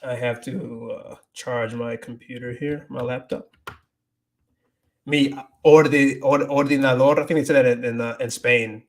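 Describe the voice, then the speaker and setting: A man's voice: medium pitch, fairly even intonation, measured pace. A man hosting a casual livestream, rambling with many restarts, switching between English and Spanish and reading viewer comments aloud. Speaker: livestream host.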